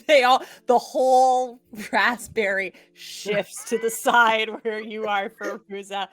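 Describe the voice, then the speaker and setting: Woman GM, slow unhurried narration, hushed storyteller delivery, faint music bed. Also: fairly high pitch, fairly even intonation. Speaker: game master. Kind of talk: narrating a tabletop game.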